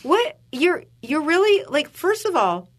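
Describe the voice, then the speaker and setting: A woman's voice: sits high, big pitch swings, a little slow. A middle-aged woman co-hosting a casual chat show, telling a story animatedly, acting out quotes and swearing freely. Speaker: podcast co-host.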